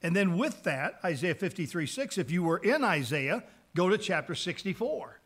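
A man with a high-pitched voice leads a Bible lesson on evangelism. He reads scripture aloud in a slow, deliberate way and then explains it in plain everyday words, repeating key words for emphasis. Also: big pitch swings, a bit bright, breathy edge. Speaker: Bible teacher.

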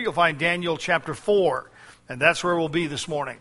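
A man's voice: a little high, normal speed, pushed and bright. A man preaching a sermon as pastor, with frequent fillers and key phrases repeated.

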